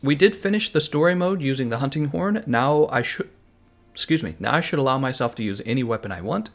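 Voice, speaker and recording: A man's voice: mid-range voice, lively intonation, a little fast. A man streaming a game live, rambling as he thinks aloud and answers viewers' chat messages. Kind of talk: casual live-stream chat while gaming.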